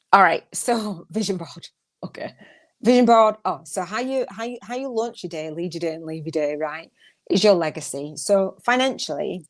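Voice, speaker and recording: An older woman with a lowish, darkish voice hosts a solo coaching podcast. She is chatty and emphatic, frequently repeating her phrases and laughing as she talks.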